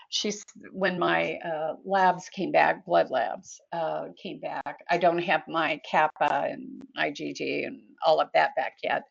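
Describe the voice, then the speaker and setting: A woman speaking slowly and hesitantly with many fillers, chatting in an online support group. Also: fairly low pitch, vocal fry, highs cut off. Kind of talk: casual video call chat. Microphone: video call.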